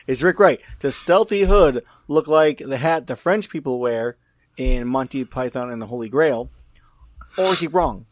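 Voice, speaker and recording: A man's voice: fairly high pitch, no echo. A young adult man co-hosting a casual podcast, explaining rules carefully and teasing his partner. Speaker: podcast co-host. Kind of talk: casual chat about trading cards.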